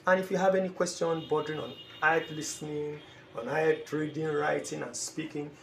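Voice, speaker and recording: Male teacher, emphatic lecture delivery, gravelly edge, slightly higher voice, roomy echo, faint background hum. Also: fairly even intonation, fast, a bit bright. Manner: emphatic, repeats phrases, acts out short dialogues. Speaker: IELTS teacher. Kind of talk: classroom-style lecture. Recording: echoey room with faint ambient noise.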